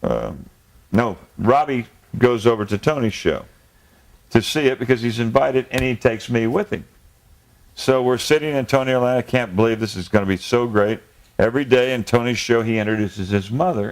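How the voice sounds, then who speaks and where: A man's voice: mid-range voice, normal speed. A man as a guest in a casual comedy chat, telling an anecdote and acting out the quotes. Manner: animated anecdote teller, acts out quotes.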